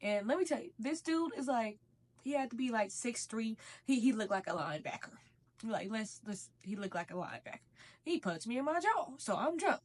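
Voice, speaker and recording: Young woman vlogger, casual profane storyteller, somewhat high voice. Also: big pitch swings, a little fast. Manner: slangy, profane, conversational storytelling. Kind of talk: casual storytime while eating.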